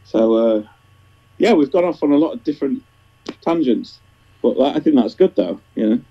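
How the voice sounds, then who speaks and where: A man's voice: mid-range voice, animated, normal speed. Chatty Northern English man, lo-fi audio. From northern England. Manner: chatty, rambling, friendly. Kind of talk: casual chat. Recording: dull lo-fi audio.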